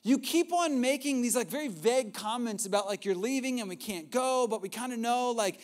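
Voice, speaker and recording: A preacher playing a fired-up, impulsive disciple. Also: male voice, very high voice, lively intonation, fairly quick, pitched above the performer's own voice. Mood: insistent. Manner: urgent, insistent questioning.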